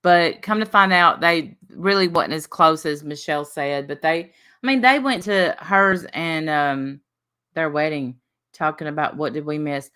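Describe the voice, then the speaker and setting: A woman's voice: sits low, a little slow, bright, forceful tone, clean tone. A woman hosting a casual livestream, chatting, reading out viewer names and laughing at herself. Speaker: livestream host.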